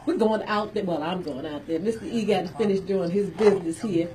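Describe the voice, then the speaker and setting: A woman's voice: lowish voice, brisk, warm tone, a little hiss or hum, rough recording. Cheerful laughing woman radio host. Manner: cheerful, laughs often, exclamatory. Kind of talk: casual radio banter. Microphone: studio microphone.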